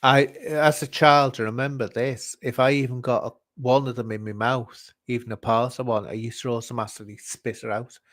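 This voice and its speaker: Scouse man, stream host, rambling casual chat, mid pitch. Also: moderate pace, few pauses, dry recording. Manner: chatty, rambling, animated.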